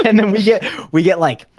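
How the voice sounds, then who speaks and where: A man's voice: high-pitched, darkish tone, dry recording. A young man telling a long childhood story in casual podcast chat, rambling with lots of fillers and laughing as he goes. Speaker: podcast co-host.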